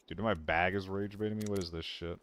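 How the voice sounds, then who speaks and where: A man's voice: deep voice, steady tone, a little fast, fairly bright tone, a little hiss or hum. A man streaming a shooter game, chatting casually and mocking himself while he loots and talks to his chat. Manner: rambling, self-mocking banter with chat. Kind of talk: casual gameplay commentary.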